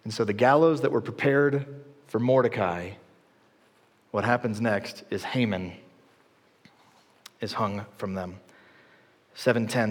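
A male pastor preaching a sermon in a conversational, animated storytelling way. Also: lowish voice, a little slow, long pauses. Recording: long hall reverb.

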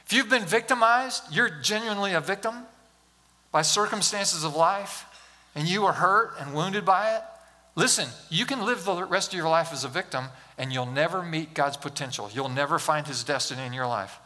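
A male pastor preaching a sermon, animated and humorous, acting out Bible scenes and talking directly to the congregation. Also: a little high, moderate pace. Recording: long hall reverb.

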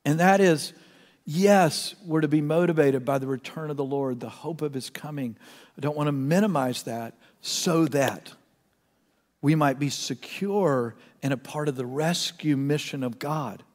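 A man's voice: fairly high pitch, unhurried. Earnest middle-aged male pastor, reverberant hall. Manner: earnest storytelling, swings from soft to loud. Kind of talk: sermon. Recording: long reverb of a large hall.

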